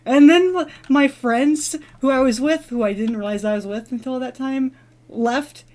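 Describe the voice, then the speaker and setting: Rambling, giggly woman with a higher voice. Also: normal speed, a little mellow. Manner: rambling, giggly, with many fillers and restarts. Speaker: gaming vlogger. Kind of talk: casual rambling storytelling while playing a game.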